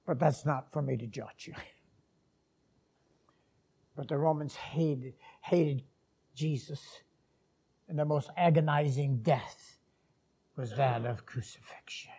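A man whose voice is a little high and husky preaches a sermon, lowering to hushed whispers, rising to shouted climaxes, and pausing slowly and deliberately.

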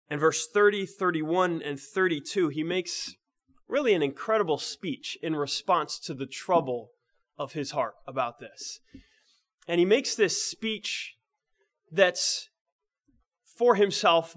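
A man preaching a sermon in a conversational way, often checking in with the listeners and restarting phrases, moving between emphatic lines and quiet, low ones. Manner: restarts and repeats words mid-phrase.

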